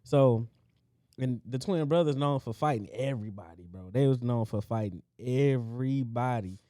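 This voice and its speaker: A man's voice: mid-range voice, moderate pace, dark tone, dry recording, studio quality. A man co-hosting a podcast, telling a childhood story in casual chat and acting out the quotes. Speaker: podcast co-host.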